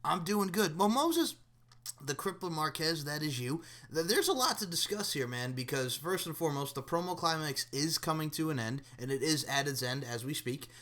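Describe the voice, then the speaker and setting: Hype podcast host guy, brightish voice, talks loose and swears. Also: a little high, moderate pace. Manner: energetic, swearing, excitable. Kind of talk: casual wrestling podcast interview.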